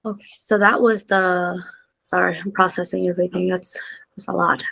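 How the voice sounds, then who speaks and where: Empathetic woman host with a low, gravelly voice. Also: level tone, moderate pace, sharp tone, no room sound, poor audio. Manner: empathetic, reflective follow-up questions. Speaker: podcast host. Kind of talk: interview conversation.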